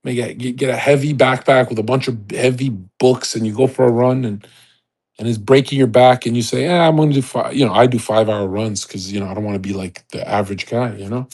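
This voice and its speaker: A man's voice: mid-range voice, fairly even intonation, brisk, a little mellow, husky. A man giving an intense, rambling motivational monologue in casual chat, often restarting his sentences. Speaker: livestream speaker. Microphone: home microphone on an audio chat space.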